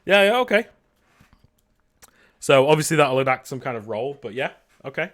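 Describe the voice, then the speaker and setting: A man's voice: mid-range voice, sing-song, normal speed, fairly bright tone. Chatty male game master on voice chat. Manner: upbeat, chatty, laughs often. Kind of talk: running a tabletop game over voice chat.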